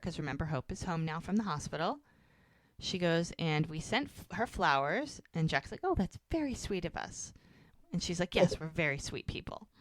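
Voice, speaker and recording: A woman with a low-pitched voice, captured in a dry recording, casually chats through a TV episode on a podcast. She animatedly retells it, playing out the characters' lines and quoting them with "she's like."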